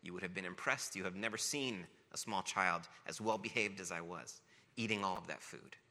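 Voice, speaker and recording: Speaking at a normal pace, this pastor has a deep, bright, forceful voice. He pokes fun at himself through family anecdotes, then turns to teaching, all echoing with the long reverb of a big hall.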